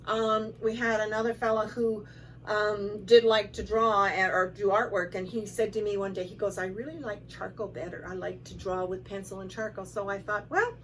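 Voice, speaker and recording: A woman, executive director of a shelter, telling stories in a relaxed conversational way, quoting people as she goes. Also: mid-range voice. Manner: conversational, relaxed, with fillers and quoted dialogue. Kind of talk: casual storytelling to camera. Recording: distant mic with faint background noise.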